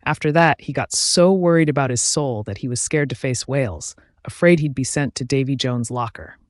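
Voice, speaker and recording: A man's voice: medium pitch, normal speed, no room sound, studio quality, lightly acted. A man voicing a blunt old sea captain who scoffs impatiently at piety.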